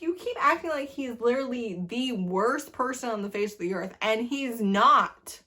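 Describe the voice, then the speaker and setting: A young woman reviewing books in a casual video, animated and exasperated, laughing as she rants. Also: medium pitch, moderate pace, hardly any pauses. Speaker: book reviewer.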